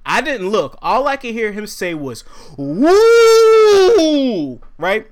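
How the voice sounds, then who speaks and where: A young man with a slightly high voice tells a story in a relaxed podcast chat. He acts out the people in it, jumping up and down in pitch as he quotes them. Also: moderate pace. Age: young adult. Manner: animated storyteller acting out quotes.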